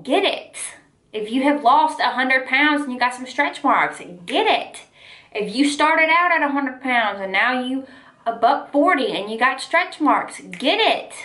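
Young woman, casual confessional vlog, talkative and frank, slightly high voice, roomy sound. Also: sharp tone. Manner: candid and chatty, full of "like" and "y'all". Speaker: lifestyle vlogger. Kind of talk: casual heart-to-heart talk to camera.

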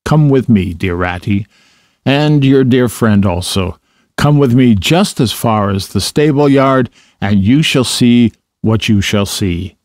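A man's voice: mid-range voice, animated, slow, a little mellow, no room sound, studio quality. A man voicing a rich, boastful male toad who gushes and exclaims over his latest fancy. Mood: eager.

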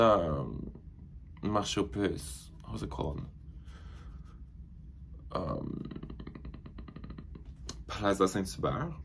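A young man with a somewhat low voice tells stories in a loose, rambling way, full of filler words, while he works on his makeup. A faint hum of room noise sits under his voice. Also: fairly bright tone. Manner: chatty, rambling, frequent "like" fillers. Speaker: beauty vlogger. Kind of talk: casual storytelling while doing makeup.

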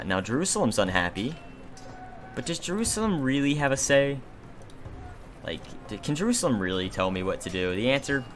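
A man's voice: lowish voice, fairly bright tone, slight background noise. A man giving casual gameplay commentary as a let's play host, joking and sarcastic with mock-dramatic complaints.

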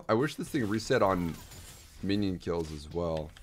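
Excitable young man streaming a game. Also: low voice, a little slow. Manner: excitable, hype gamer slang, frequent laughs and exclamations. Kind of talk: gameplay commentary.

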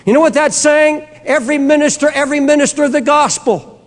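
A man's voice: extremely high pitch, fairly even intonation, a little fast. A man preaching an impassioned sermon who breaks into screaming at times. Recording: long hall reverb.

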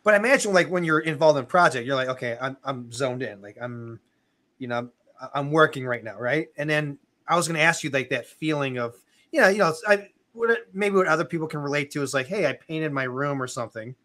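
A man's voice: on the high side, animated, fast talker, pushed and bright. A man hosting a casual interview, asking long, rambling questions with many fillers. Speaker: podcast host.

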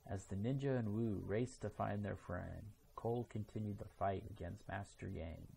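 A man reading a children's storybook aloud in a slow, even way. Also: on the low side, creaky, slight background noise. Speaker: storybook reader.

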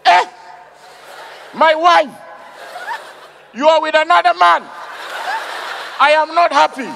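Man doing an indignant, shouting villager. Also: high voice, big pitch swings, normal speed, slight background noise, exaggerated voice, low-quality recording. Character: flustered, hot-tempered village man at an acting audition.

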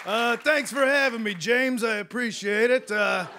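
A man in his late thirties doing a rambling, self-deprecating stand-up set on a studio stage, swinging between loud bursts and mumbled asides. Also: very high voice, a little slow, over a noisy crowd, heavy background noise. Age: 30s. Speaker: stand-up comedian. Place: television studio stage with live audience.

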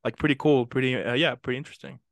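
A man's voice: medium pitch, fairly even intonation, very fast, vocal fry, no room sound. A man hosting a casual interview, asking long, rambling questions with enthusiasm. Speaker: interview host.

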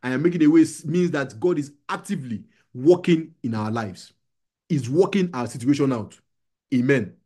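A man's voice: mid-range voice, animated, moderate pace, mellow, slightly rough. A young adult male pastor preaching a sermon to a small gathering, urging and repeating his lines. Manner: exhorting, repetitive preaching with call-and-response.

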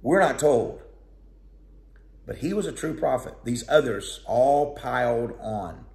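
A man's voice: mid-range voice, lively intonation, slow pace, gravelly, darkish tone. Plainspoken male preacher in an echoey room. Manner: conversational, plainspoken, storytelling. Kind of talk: sermon.

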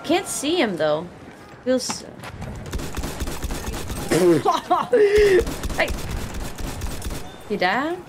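Excitable woman streamer over gunfire. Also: sits high, drawn-out words, pauses often, background noise. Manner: excitable, chatty, exclaiming and laughing at herself. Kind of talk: casual gameplay commentary. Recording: game gunfire loud behind the voice.

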